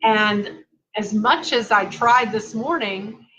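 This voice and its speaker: A woman caregiver speaking earnestly and with soft emotion in a confessional vlog, seated at home. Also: mid-range voice, slow pace, low-quality recording. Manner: earnest, heartfelt, softly emotional. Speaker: family caregiver.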